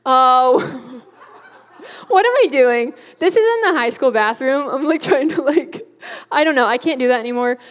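A woman's voice: high-pitched, animated, moderate pace. A young woman giving a youth sermon in a bubbly, chatty way, laughing often. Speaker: youth speaker. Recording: hall reverb.

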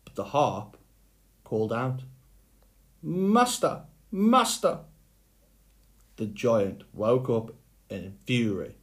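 Male narrator, lowish voice, unhurried fairy-tale reading. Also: darkish tone. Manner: slow, measured storytelling. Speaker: storybook reader.

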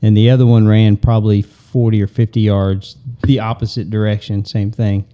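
A man's voice: fairly low pitch, flat delivery, moderate pace, lo-fi sound. A man on a podcast chatting casually about hunting, laid-back and laughing along with the others. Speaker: podcast co-host. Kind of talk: casual chat.

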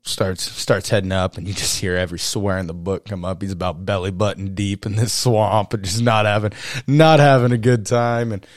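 A man's voice: on the low side, steady tone, normal speed, no echo, clean studio sound. A young man co-hosting a podcast, telling a long story in a rambling, casual way with lots of "you know" and "uh". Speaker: podcast co-host.

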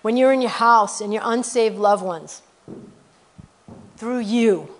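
A middle-aged woman guest preacher telling testimony stories in a sermon, animated and rising to loud exclamations. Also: on the high side, slow pace.

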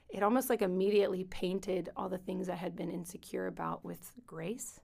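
A woman guest, a teen minister, telling a personal faith story on a podcast in a soft, reflective way with pauses. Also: mid-range voice, fairly even intonation, vocal fry.

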